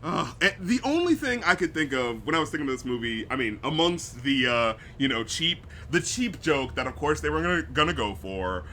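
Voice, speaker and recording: A man's voice: on the high side, sing-song, brisk, few pauses, bright, forceful tone, slight background noise. A man hosting a casual film review podcast, talking loosely with many fillers and profanity, acting out lines from the movie. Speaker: podcast host.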